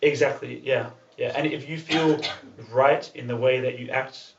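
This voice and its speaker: A man's voice: mid-range voice, steady tone, unhurried, vocal fry, crowd noise. A man talks casually to a small group, in a loose, chatty way full of fillers. He sits far from the mic in an echoey room, and the recording sounds dull. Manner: loose and chatty, with many fillers and the odd swear. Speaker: club talk presenter.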